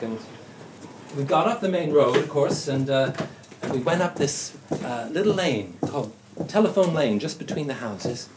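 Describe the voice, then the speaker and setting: A man's voice: medium pitch, echoey room, background noise. A man with a Cornish accent, telling a rambling, chuckling story in a group chat. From Cornwall. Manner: rambling, chuckling anecdote teller.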